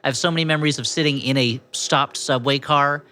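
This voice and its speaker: A man's voice: mid-range voice, steady tone, fast, bright, forceful tone. A man co-hosting a podcast in casual, rambling, self-deprecating comedic chat. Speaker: podcast co-host.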